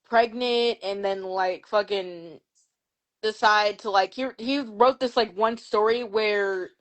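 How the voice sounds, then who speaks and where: A woman's voice: mid-range voice, slow pace. A young woman joining a casual livestream chat, hesitant and profane, stacking up fillers as she talks. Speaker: guest joining the stream.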